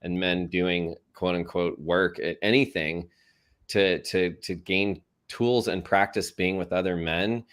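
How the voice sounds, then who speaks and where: A man hosting an interview, enthusiastic and quick to laugh. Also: low voice, fairly even intonation, fairly bright tone, clear, resonant tone. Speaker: host. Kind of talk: conversational interview.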